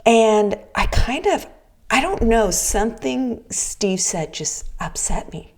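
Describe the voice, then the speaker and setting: This middle-aged Pacific Northwest woman talks slowly in a fairly high voice with big swings in pitch. In her personal vlog she's chatty and candid, often restarting her sentences and checking in with "right?"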